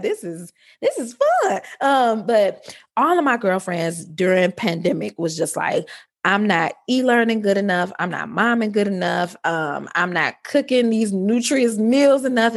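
Animated husky woman guest. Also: mid-range voice. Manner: animated storytelling, acts out voices. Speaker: podcast guest and life coach. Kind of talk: casual interview chat.

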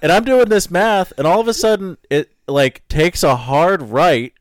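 A man from Maine telling racing stories in casual chat, animated and swearing often. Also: high voice, normal speed, no echo, clean studio sound.

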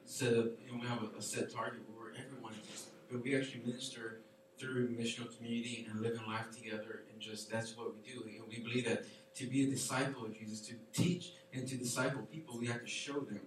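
A young man preaches in a loose, chatty way, his sentences full of uh and kind of. His voice sits at an ordinary middle pitch. It rings through a big, very reverberant hall and is picked up from a distance, with a faint hum of room sound behind it. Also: fast. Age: 20s. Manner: relaxed, rambling, heavy on fillers and hedges. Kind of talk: casual conversational sermon. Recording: very echoey hall, voice picked up from far away.

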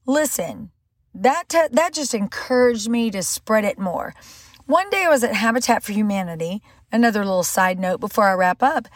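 A middle-aged woman tells a personal story on her podcast, acting out quoted lines in a higher voice. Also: no echo, clean studio sound. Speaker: podcast host.

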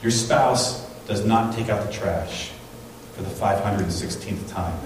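A man preaching a sermon in a church, talking in a conversational, animated way and acting out the people in his stories. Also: on the low side, slow pace, far from the mic, a little hiss or hum. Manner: conversational, animated storytelling with quoted voices. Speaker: pastor. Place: church sanctuary. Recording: very echoey hall, voice from off-mic.

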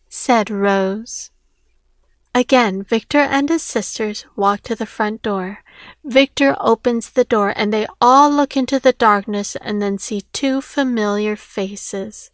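A woman's voice: medium pitch, takes it slowly, dry recording, studio quality. A woman reading a novel aloud as audiobook narrator, voicing each character lightly in her own voice. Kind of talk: scripted narration.

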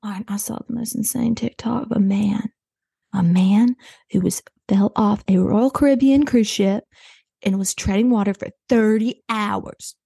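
A woman's voice: mid-range voice, unhurried, gravelly, mellow, slightly rough. A woman hosting a comedy chat, telling a rambling, gossipy story and mocking the people in it.

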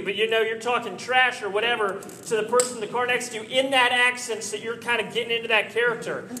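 Man, high bright voice, earnest instructional talk, echoey hall. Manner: earnest, coaching, frequent "right?" asides. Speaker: presenter giving training tips. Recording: echoey hall with slight noise.

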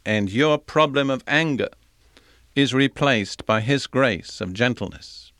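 An older man preaches an earnest, measured sermon. His voice sits at an ordinary pitch. The room sound is dry and close, with almost no reverb, and he slows down on the scripture he is stressing. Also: gravelly, a bit bright.

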